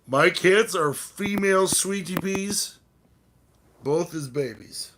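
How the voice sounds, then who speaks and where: A slightly tipsy man hosts a casual live stream, rambling and swearing as he chats with viewers and talks to his cats. His high, fairly bright voice moves slowly, and a little hiss or hum is audible.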